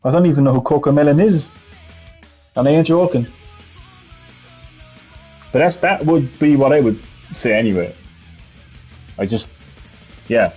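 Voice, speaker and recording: A husky Irish man chats loosely while he plays, wandering from thought to thought and answering viewers. Faint music runs underneath his voice. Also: medium pitch, lively intonation, a little slow, long pauses, dark tone, muffled recording. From Ireland. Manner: rambling, chatty, answers chat. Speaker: gaming streamer. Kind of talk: casual gameplay commentary.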